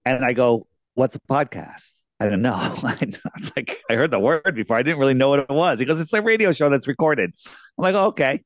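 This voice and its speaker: Guy rambling thru stories on a talk show, mid pitch, dry close sound. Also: fast, no echo. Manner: rambling, animated anecdotes with restarts. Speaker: guest. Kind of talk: casual storytelling interview.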